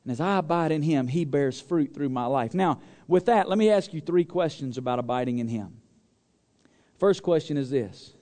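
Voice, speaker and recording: A man preaching a sermon in a church, asking the congregation to answer aloud and swinging between loud stressed phrases and low quiet asides. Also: animated, normal speed, big-room sound. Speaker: pastor.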